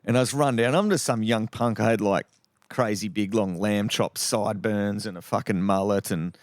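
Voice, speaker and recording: A man's voice: fairly low pitch, moderate pace, dry recording, studio quality. A middle-aged man from Western Australia with an Australian accent, a podcast guest telling rambling anecdotes full of swearing. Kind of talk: casual storytelling.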